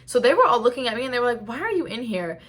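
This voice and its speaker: Her fairly high voice swinging widely in pitch, a young woman rattles off a casual storytime vlog at rapid-fire speed. The tone is a bit bright, she's chatty and says "like" a lot, and the audio comes from a camera mic.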